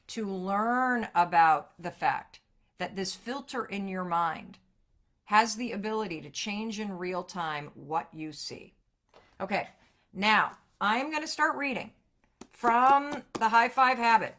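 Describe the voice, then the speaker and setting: A woman giving an energetic motivational talk on a live stream, emphatic and profane, with big jumps in pitch and loudness. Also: unhurried. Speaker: motivational speaker.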